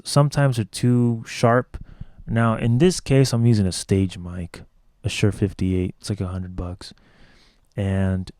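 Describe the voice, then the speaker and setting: A man's voice: fairly low pitch, warm tone, clear, resonant tone, no room sound. A man casually teaching how to mix a song in a home studio, rambling and swearing freely as he explains. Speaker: music producer teaching mixing.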